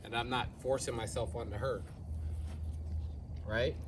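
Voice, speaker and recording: A man working as a dog trainer, talking through a casual training demonstration step by step and often checking in with a quick "right?" He is recorded outdoors. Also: steady tone. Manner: switches to a high squeaky praise voice for the dog. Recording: distant mic with background noise.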